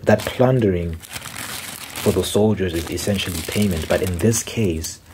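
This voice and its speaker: Deep-voiced young man, casual ASMR commentary. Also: measured pace, background noise. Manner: casual, slangy, frequent restarts. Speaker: ASMR creator. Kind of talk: ASMR Bible reading with commentary.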